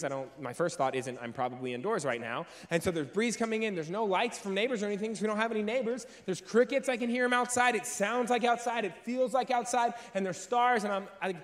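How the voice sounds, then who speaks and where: A young man with a rather high voice tells a story from a stage. He talks casually and keeps saying "like". He acts out his younger self with lively shifts in his voice. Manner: animated storyteller, heavy use of "like", acts out his own past lines. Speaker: keynote speaker. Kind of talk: motivational storytelling speech. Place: large room with an audience.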